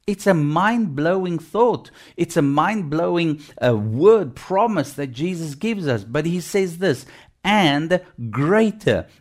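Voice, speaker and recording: A man's voice: a little high, lively intonation, measured pace, few pauses, darkish tone. A man preaching a sermon with emphasis, repeating phrases and calling on the congregation for an amen. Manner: emphatic, call-and-response, repetitive.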